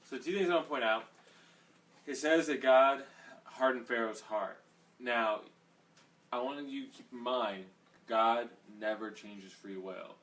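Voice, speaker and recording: A man's voice: mid-range voice, measured pace, long pauses, fairly bright tone. A man teaching a casual Bible study in a rambling, conversational way, full of fillers. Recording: distant mic, faint background noise.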